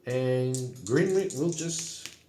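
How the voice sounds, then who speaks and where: A man narrating a solo tabletop game in an unhurried, matter-of-fact way. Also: mid-range voice, mellow, a little hiss or hum. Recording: echoey room.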